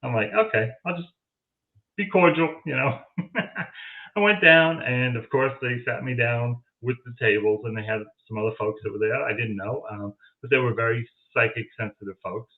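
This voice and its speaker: Man, animated storyteller, quoted dialogue acted out, phone-like audio. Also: mid-range voice, normal speed. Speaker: guest, paranormal audio investigator. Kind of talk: casual storytelling. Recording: tinny phone-like line.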